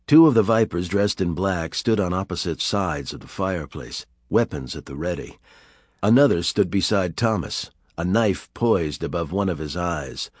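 Brief: male audiobook narrator, lowish voice, dry close studio sound. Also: lively intonation, moderate pace, husky, no room sound. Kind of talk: scripted narration.

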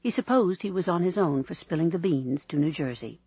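A man reading an audiobook aloud in an expressive, measured storytelling manner, in a dry, slightly dull recording. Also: a little high, slightly rough, no room sound. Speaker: audiobook narrator. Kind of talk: scripted narration.

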